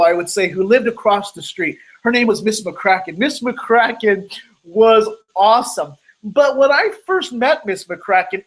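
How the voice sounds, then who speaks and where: This motivational speaker, a man with a very high-pitched and slightly bright voice, tells a personal story earnestly and acts out the lines he quotes. It's captured over an online video call in low quality.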